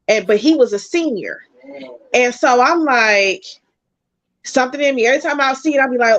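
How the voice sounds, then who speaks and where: Animated woman telling a family story. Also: fairly high pitch, no room sound. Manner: animated storyteller, quick bursts. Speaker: podcast guest. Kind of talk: casual chat. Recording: dull, dry lo-fi sound.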